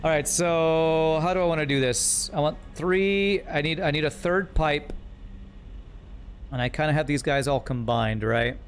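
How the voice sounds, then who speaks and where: A man's voice: a little high, measured pace, slight background noise. A man streaming a building game, thinking aloud and correcting himself as he works through numbers. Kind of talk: live gameplay commentary.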